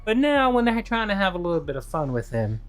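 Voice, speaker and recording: Male co-host, rambling recap, higher-pitched, faint music. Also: big pitch swings, quick pace. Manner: rambling with many fillers. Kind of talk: casual recap commentary.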